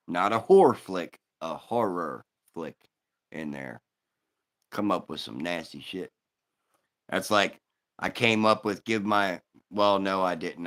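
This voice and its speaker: A man's voice: low voice, bright, forceful tone. A man hosting a casual live stream, telling crude jokes and greeting people in the chat.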